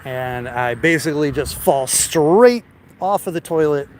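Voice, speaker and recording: A man's voice: a little high, animated, a little slow. A man vlogging on a phone as he walks down a city street, rambling through a story, stammering and often laughing. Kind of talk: rambling storytelling while walking. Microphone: phone held while walking. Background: street traffic noise.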